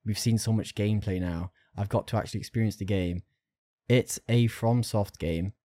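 A man co-hosting a gaming podcast in casual chat, excited and casually swearing. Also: lowish voice, moderate pace. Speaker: podcast co-host.

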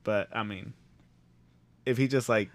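A man's voice: on the low side, a little slow. A young man co-hosting a podcast, telling stories and acting out what people said, with lots of laughing. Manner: lively storyteller, jokey, acts out dialogue. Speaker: podcast co-host. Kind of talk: casual chat.

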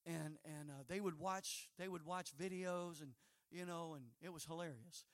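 A man, preaching a folksy, rambling sermon story that builds toward shouted praise. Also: on the high side, steady tone, moderate pace.

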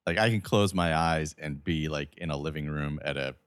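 A man from Delaware County, Pennsylvania, chatting casually as a podcast co-host, relaxed and quick to laugh. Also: a bass voice, clear, resonant tone, no room sound, studio quality. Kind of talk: casual chat.

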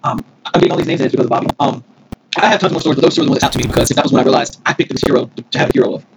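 Fast-talking man, noisy recording. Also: medium pitch, gravelly. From Mississippi. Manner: rambling, excited, many restarts. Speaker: podcast guest. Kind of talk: casual storytelling.

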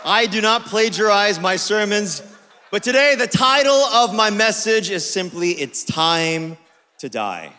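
A man's voice: high-pitched, big pitch swings, measured pace, sharp tone, a faint crowd. A young man preaching a sermon as a pastor, telling jokes and stories in a playful way. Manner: playful, joking storyteller. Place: church auditorium. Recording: long reverb of a church hall.

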